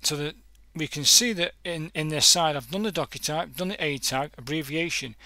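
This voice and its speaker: A man runs a casual screen-recorded coding lesson, rambling and self-correcting as he browses examples. His voice is bright and forward. The recording is dry, with no room sound. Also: fairly high pitch, a little fast, no echo. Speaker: coding tutorial host.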